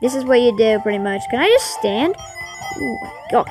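A woman doing let's-play commentary, excitable and easily frustrated, talking to her viewers as she plays. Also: a little high, fast talker, over music, rough recording. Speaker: gaming channel host.

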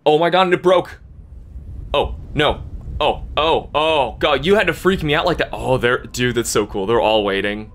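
A man's voice: mid-range voice, lively intonation, normal speed, fairly bright tone. Man reacting in short awed fragments. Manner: startled, then awed, talks in fragments. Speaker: streamer reacting to a video. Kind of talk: casual live reaction.

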